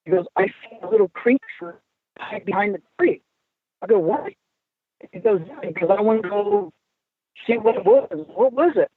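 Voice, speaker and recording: A man guest recounting his experience in a halting, hard-to-hear way over the phone. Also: sits high, breathy edge. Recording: tinny dry phone line.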